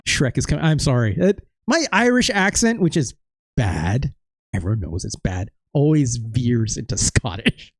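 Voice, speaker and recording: A man's voice: medium pitch, sing-song, unhurried, no echo. A man hosting a let's play, rambling and self-deprecating in casual commentary, trailing off with plenty of fillers.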